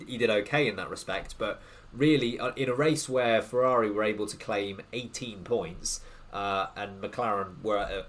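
A man's voice: on the low side, a bit bright. A man co-hosting a casual sports podcast, leading each segment in a chatty, loose way with plenty of ums and you-knows.

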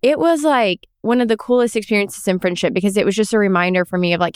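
Smooth-voiced young woman sharing reflections. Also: medium pitch, fast talker, hardly any pauses, no room sound, clean studio sound. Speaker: podcast co-host. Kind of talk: casual faith chat.

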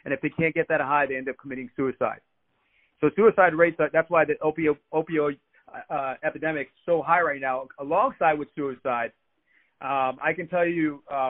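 A man telling stories as a guest on a radio talk show, chatty and repeating his words as he goes. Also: a little high. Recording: phone line into a radio show.

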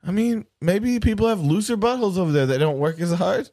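A man co-hosting a podcast, chatting crudely and laughing loudly. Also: high voice, animated, a little fast. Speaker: podcast co-host. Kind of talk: casual chat.

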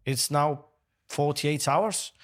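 A man co-hosts a casual football chat, his voice fairly high for a man. He jokes with his partner and talks in slightly broken English, dropping small words. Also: takes it slowly, fairly bright tone. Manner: non-native English with dropped words, jokey. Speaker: co-host.

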